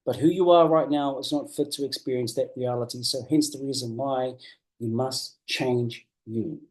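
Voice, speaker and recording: A man giving a motivational coaching talk, earnest and emphatic, repeating key phrases and slowing down to drive points home. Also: mid-range voice, fairly even intonation, a little mellow. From New Zealand. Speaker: business coach.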